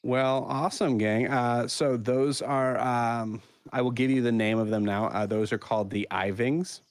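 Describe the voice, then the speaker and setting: A man running a tabletop role-playing game as game master, narrating with many pauses and restarts. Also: mid-range voice, fairly even intonation. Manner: halting, many ums and restarts.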